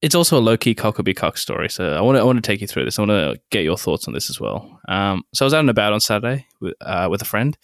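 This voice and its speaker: A young Australian man telling a rambling story on a podcast, animated and laughing, with crude jokes. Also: on the low side, fast, hardly any pauses, dry recording, studio quality. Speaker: podcast co-host. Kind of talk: casual banter storytelling.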